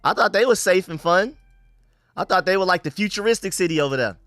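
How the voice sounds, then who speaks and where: A man's voice: high voice, expressive, fast, a bit bright, no room sound, clean studio sound, faint music behind. A young American man hosting a live sports stream, chatting loosely with slang and rambling restarts. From United States. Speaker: sports livestream host. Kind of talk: casual live-stream chat reading viewer comments.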